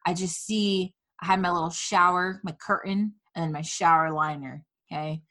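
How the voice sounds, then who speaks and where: A woman's voice: lowish voice, fairly even intonation, normal speed, a bit bright. A woman hosting a casual chat show, telling a story dramatically with plenty of swearing and laughter. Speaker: podcast host.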